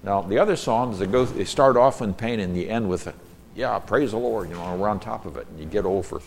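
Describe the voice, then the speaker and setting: Low-voiced man teaching scripture. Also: a little fast. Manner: reads scripture aloud with rising emphasis, then explains Hebrew terms. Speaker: Bible teacher. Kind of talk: expository Bible teaching.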